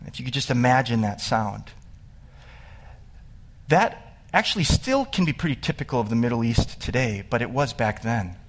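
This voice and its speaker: A man preaching a sermon, telling the story with animation and getting louder and higher as he builds, then dropping quiet for sad parts. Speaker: pastor.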